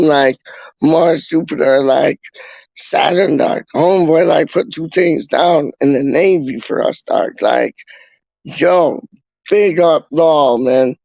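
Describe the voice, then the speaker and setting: Young streamer, rambling slangy chatter, voice a touch high. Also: male voice, creaky, a little mellow, no echo, rough recording. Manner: slangy, rambling, repeats himself. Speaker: livestreamer reading chat. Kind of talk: casual live-stream chat.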